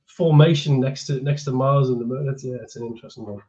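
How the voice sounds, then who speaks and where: A man's voice: medium pitch, fast, warm tone, dull audio. A man chatting casually on a call, hesitant and trailing off at the ends of his thoughts. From Teesside, England. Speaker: co-host or guest on a call. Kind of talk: casual chat.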